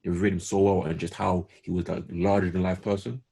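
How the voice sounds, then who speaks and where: A man's voice: low-pitched, flat delivery, quick pace, creaky, warm tone, husky. A man co-hosting a podcast, chatting casually in a rambling way with many fillers and restarts. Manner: rambling, repeats words, lots of fillers. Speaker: podcast co-host. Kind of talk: casual chat.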